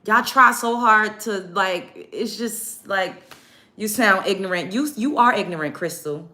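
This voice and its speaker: Blunt, profane woman with a bright voice. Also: medium pitch, measured pace. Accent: African American English. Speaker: vlogger. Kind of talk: get-ready-with-me rant to camera.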